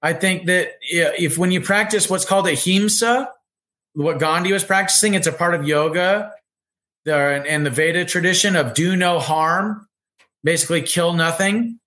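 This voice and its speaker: A man's voice: high-pitched, normal speed, bright, forceful tone. A man as a guest on a casual podcast interview, talking in an earnest way about spiritual ideas.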